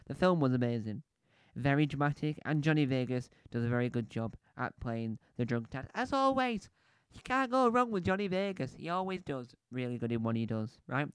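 A man's voice: medium pitch, a little mellow, clear, resonant tone, no room sound. A man giving a casual, rambling film review on a podcast, chatty, with many restarts and asides.

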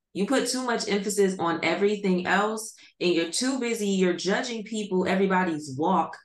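Blunt woman on an echoey podcast. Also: fairly low pitch. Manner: blunt, opinionated. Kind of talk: casual chat. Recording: echoey room.

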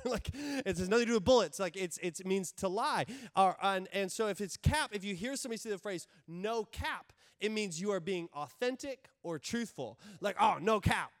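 A man's voice: sits high, moderate pace, hardly any pauses. A man in his thirties preaching a humorous sermon, acting out exasperated quotes with lots of energy. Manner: animated, acts out exasperated quotes. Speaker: pastor.

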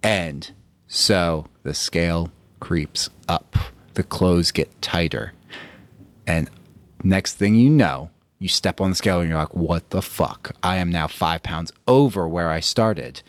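A man hosting a podcast as a fitness coach, talking bluntly and casually with frequent swearing and quick acted-out reactions. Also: sits low. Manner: blunt, profane, acts out listeners' reactions. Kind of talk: casual solo podcast monologue.

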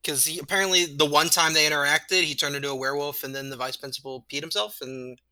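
Male guest, higher pitch, very bright, dry quips. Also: fairly even intonation, fast, dry recording. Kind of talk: casual chat.

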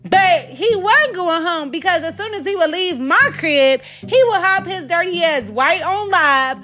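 A woman telling a dating story in a casual, animated, profane way, often checking in with the listener. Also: very high-pitched, unhurried. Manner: animated, profane, keeps asking "you get what I'm saying".

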